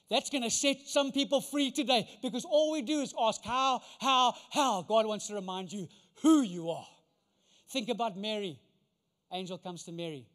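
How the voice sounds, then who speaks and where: Pastor preaching, high voice, echoey hall, chatty and animated. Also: male voice. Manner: animated, conversational, acts out voices. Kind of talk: sermon.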